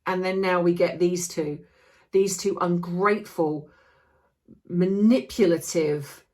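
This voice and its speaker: Lowish woman's voice on her vlog, worked up and ranting, a bit under the weather. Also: steady tone, slow pace, darkish tone. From Australia. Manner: impassioned, ranting, with many restarts. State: unwell, feeling sick. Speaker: commentary vlogger. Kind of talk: casual opinion vlog.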